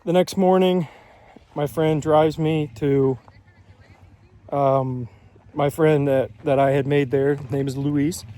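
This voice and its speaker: Young man telling a travel story, mellow voice. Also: on the high side, takes it slowly, pauses often. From United States. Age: 20s. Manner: animated, quoting people in his own voice, self-deprecating asides. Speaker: vlogger. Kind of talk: casual storytelling to camera.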